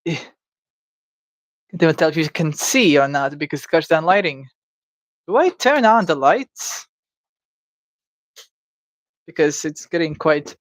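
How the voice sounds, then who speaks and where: A man's voice: on the high side, dry recording. A man livestreaming himself drawing, rambling and thinking aloud with stammers, restarts and playful asides. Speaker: livestreamer drawing game creatures. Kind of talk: casual livestream self-talk. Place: indoors at home.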